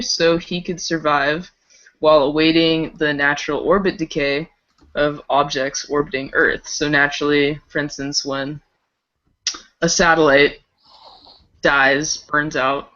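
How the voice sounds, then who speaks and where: A woman's voice: deep voice, steady tone, unhurried, fairly bright tone. A woman co-hosting a casual live-streamed chat, giggling as she shares fun facts. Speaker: podcast co-host. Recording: dull lo-fi stream audio.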